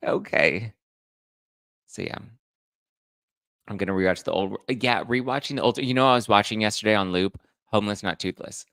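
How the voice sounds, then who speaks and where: A man's voice: fairly low pitch, normal speed, gravelly, long pauses, fairly bright tone, smooth, no room sound, studio quality. A man hosting a live pop culture chat, reading viewer comments and acting out quotes in a chatty, camp way. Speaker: host.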